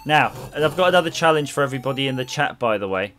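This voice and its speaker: Talking very fast in a slightly bright, mid-range voice with lively intonation, he streams retro games while joking around with viewers. The chat is casual and rambling, and a noisy hum runs underneath.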